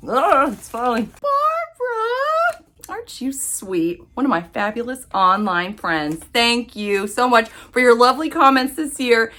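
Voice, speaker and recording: A woman book vlogger chatting casually about her reading, giggling and gushing with excitement, often squealing. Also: fairly high pitch, a little slow, few pauses. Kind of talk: casual vlog chat.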